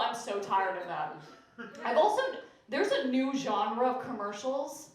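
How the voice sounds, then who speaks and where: A woman's voice: fairly high pitch, very animated, unhurried. A woman comedian performing a sarcastic stand-up set, acting out characters in exaggerated voices, with audience laughter behind her. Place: comedy club stage with live audience. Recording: echoey club room from far off.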